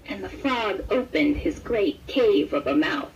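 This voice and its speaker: A woman narrating a children's picture book in a gentle, expressive read-aloud manner. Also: medium pitch, measured pace, few pauses, a little hiss or hum, rough recording. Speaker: storybook narrator. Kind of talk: scripted children's story narration.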